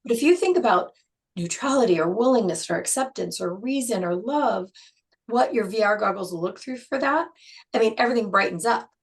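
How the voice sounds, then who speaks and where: Woman guest on a podcast, explaining things slow and steady, leans on key words, mid-pitched voice. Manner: measured, slows down to stress key words. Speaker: guest, program co-creator. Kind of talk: explanatory interview talk.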